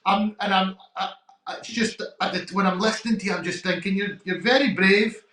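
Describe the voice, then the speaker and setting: High, bright-voiced Scottish host. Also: male voice, steady tone, a little fast, echoey room, rough recording. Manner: enthusiastic, affirming, hesitant fillers. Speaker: podcast host. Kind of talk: interview conversation.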